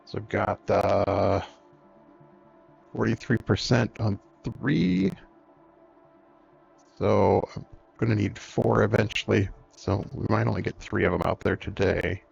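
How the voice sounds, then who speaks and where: A man with a deep, very gravelly voice talks through a survival game at an easy, unhurried pace, thinking out loud as he goes. His voice comes through a dull, lo-fi recording with faint game music under it. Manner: unhurried, thinking aloud while playing. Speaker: gaming channel host. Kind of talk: let's-play commentary.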